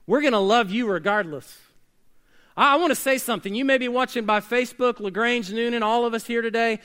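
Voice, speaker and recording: A man preaching a sermon as pastor, swinging between loud emphatic bursts and quiet hushed lines. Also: sits high. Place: church sanctuary.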